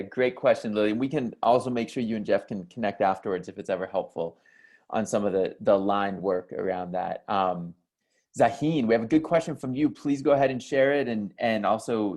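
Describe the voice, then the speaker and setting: A man's voice: on the low side, a little mellow. A man moderating an online Q&A over a video call, polite and encouraging.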